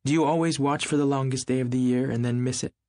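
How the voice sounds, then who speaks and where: A man's voice: mid-range voice, fairly even intonation, quick pace, warm tone, no echo, studio quality, voice pushed up, natural voice. A man doing a flighty, teasing young society wife.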